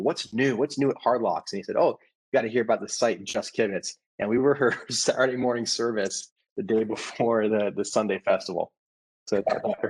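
Man, 30s, founder in casual interview; husky low voice, lively with quoted asides. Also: low-quality recording. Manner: animated, acts out quoted customers with restarts. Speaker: startup founder.

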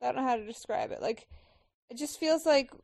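Emotional woman podcaster with a gravelly voice. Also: high voice, brisk, darkish tone, no echo. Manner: emotional, effusive, swearing. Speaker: podcast co-host. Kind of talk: casual movie-watch commentary.

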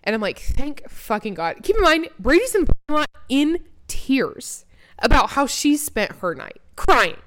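A young woman co-hosting a podcast, telling a wild party story in profane, animated casual chat and acting out quotes. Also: high-pitched, moderate pace. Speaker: podcast co-host.

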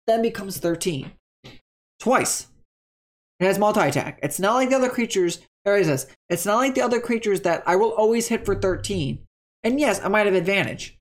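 Chatty, rambling tabletop game creator. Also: mid-range voice. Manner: chatty, rambling, self-correcting, upbeat. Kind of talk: casual explainer on game monster stats.

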